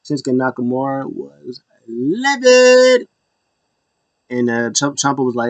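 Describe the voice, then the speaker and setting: A man talking through a recap in a loose, rambling way, full of ums and uhs, sometimes slipping into quick put-on quotes. His pitch sits in the middle range for a man. The sound is dry and close, with no room around it. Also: sing-song, dry recording, rough recording. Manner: rambling, lots of fillers and acted-out quotes. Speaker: wrestling show recap host. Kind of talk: casual solo recap.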